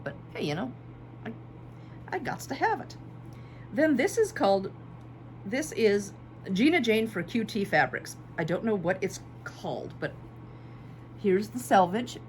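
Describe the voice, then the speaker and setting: A woman in her fifties chatting casually and enthusiastically on her quilting channel, showing off fabric at home and repeating her favorite phrases. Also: medium pitch. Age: 50s. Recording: faint background hum.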